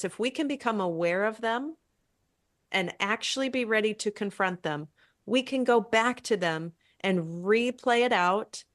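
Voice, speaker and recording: A woman in the middle pitch range hosts a podcast and talks like a coach. She is earnest and encouraging, and she leads with reflective advice.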